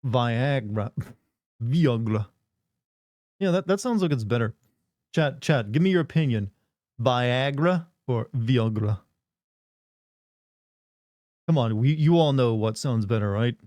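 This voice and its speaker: A man's voice: mid-range voice, expressive, brisk, warm tone, no room sound. A man hosting a live stream, joking and rambling in casual banter with his chat on a close desk mic. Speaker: livestream host.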